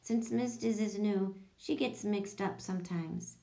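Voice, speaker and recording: A woman reads a children's storybook aloud with lively storytelling energy. Her voice sits at a middle pitch with a touch of gravelly fry. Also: a little slow. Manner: lively storytelling, voicing children in higher tones. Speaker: audiobook narrator. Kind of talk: children's audiobook narration.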